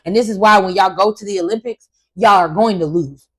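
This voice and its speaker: A woman hosting a casual commentary vlog, ranting in an emphatic, profane and animated way. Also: medium pitch, a little fast, slightly rough, poor audio. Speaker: host.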